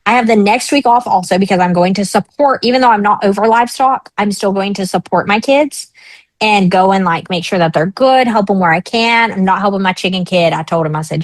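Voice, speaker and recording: A woman's voice: medium pitch, a little fast, dry recording, low-quality recording. A woman in her thirties, a talk show guest, telling a personal story frankly and acting out the voices of the people in it. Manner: lively, frank, acts out quoted voices.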